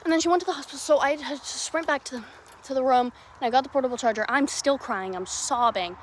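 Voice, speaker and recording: A young woman hosting her own podcast, telling a story casually, rambling and swearing, with many restarts, swinging between loud and hushed. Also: high voice, fast talker, a little hiss or hum. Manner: lively, jumping from loud to hushed. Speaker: podcast host.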